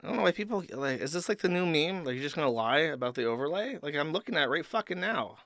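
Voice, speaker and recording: A man's voice: fairly high pitch, expressive, quick pace, vocal fry, a bit bright, dry recording, studio quality. Profane ranting male streamer. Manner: crude, ranting, profane, rambling. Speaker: streamer host. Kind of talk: livestream monologue. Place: home streaming desk. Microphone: desk mic at computer.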